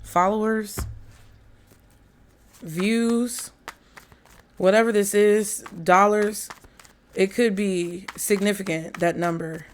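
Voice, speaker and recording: A woman's voice: medium pitch, steady tone, slow pace, long pauses, slight background noise. A woman, chatting casually through a tarot reading and talking straight to her viewers. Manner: chatty, laughs often, addresses viewers as y'all and child. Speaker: tarot reader.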